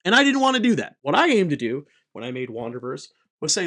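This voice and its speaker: A man hosting his own channel, talking in a playful, jokey, animated way as a game designer. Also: mid-range voice, a little fast, hardly any pauses. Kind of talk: comedic casual vlog.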